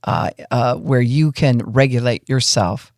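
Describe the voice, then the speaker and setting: Woman pastor-host, casual folksy teaching, lively, acts out examples; close, dry podcast mic. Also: a bass voice, measured pace, dry recording. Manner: folksy, animated, acts out what she describes.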